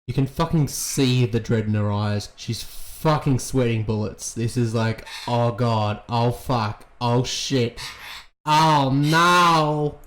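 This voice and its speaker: A man talks through a show episode in loose, off-the-cuff commentary. He is excitable and swears freely, and his voice sits at an ordinary middle pitch. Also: takes it slowly, hardly any pauses. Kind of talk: casual reaction commentary.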